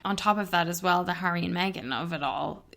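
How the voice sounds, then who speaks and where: A woman co-hosting a podcast, talking candidly and swearing casually in a relaxed book club chat. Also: on the low side, fast, creaky. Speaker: podcast co-host. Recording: traffic noise from an open window.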